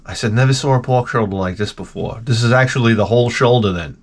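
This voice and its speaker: A man's voice: mid-range voice, quick pace. A middle-aged man telling rambling, self-mocking stories with casual swearing as a video host.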